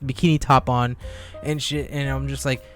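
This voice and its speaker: A man's voice: medium pitch, normal speed, faint music behind. A young man telling a story in casual podcast chat, swearing freely and packing his talk with fillers. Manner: profane, animated storytelling with many fillers. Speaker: podcast co-host.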